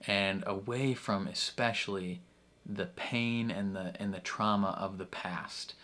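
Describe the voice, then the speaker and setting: A man's voice: lowish voice, fairly even intonation, a little slow, fairly bright tone. A man hosting a reaction video, talking casually with lots of fillers and frequent laughter. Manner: chatty, full of fillers, laughs often.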